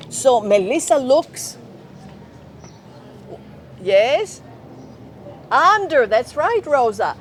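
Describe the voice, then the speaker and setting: Slow, clear woman teacher. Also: high-pitched, very animated, a little hiss or hum. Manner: slow, clear, often checking with children. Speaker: teacher, director of studies. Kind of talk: storytelling to young learners.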